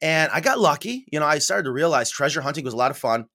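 A middle-aged man from New York State, a podcast guest telling stories in a casual, animated way and acting out the voices he quotes. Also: on the high side, fast. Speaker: podcast guest, coop builder. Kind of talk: casual storytelling interview.

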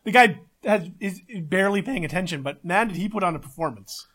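A man co-hosting a casual podcast, talking in an excitable, emphatic way and swearing often. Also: high-pitched, a little fast. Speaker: podcast co-host.

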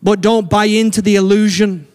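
High-voiced man preaching in echoing hall. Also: steady tone, a little mellow. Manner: earnest preaching, slows and swells on key lines. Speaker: pastor. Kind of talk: sermon. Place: church sanctuary. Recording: long church hall reverb.

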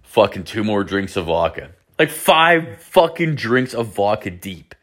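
A man's voice: fairly low pitch, unhurried. A young man hosting a podcast, telling a story in casual chat, rambling and swearing heavily. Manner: heavy swearing, rambling and animated. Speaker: podcast host.

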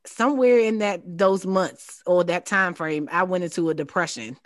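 Woman, casual storytelling, slightly low voice, dry close sound, animated. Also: moderate pace, no echo. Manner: animated, laughing, leaps high in quoted lines. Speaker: podcast guest.

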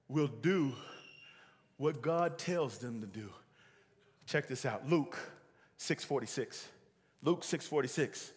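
Slow, emphatic male preacher in an echoing hall. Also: mid-range voice. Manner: emphatic, repeats key lines. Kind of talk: sermon. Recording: long hall reverb.

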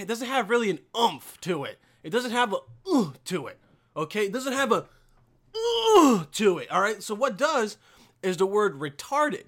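A man's voice: high voice, bright, forceful tone. A man hosting his own podcast, rambling through a casual, profanity-heavy solo rant with lots of emphasis. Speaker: podcast host.

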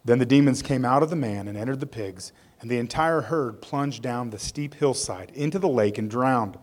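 A man's voice: medium pitch, normal speed. Male pastor, sermon, scripture storytelling, casual asides, prayer.

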